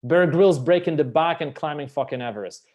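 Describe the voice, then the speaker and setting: A man telling stories as a guest on a live stream, animated and emphatic, swearing freely as he talks. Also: a little high, a little fast, muffled recording. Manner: animated, emphatic storyteller who swears casually. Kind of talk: live-stream conversation, storytelling.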